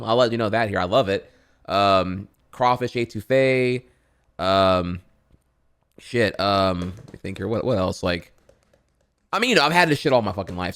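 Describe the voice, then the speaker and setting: Louisiana streamer in his thirties, loose and profane, mid-pitched voice. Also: fairly bright tone. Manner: profane, rambling, many restarts. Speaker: streamer reacting to videos. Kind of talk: casual rambling chat.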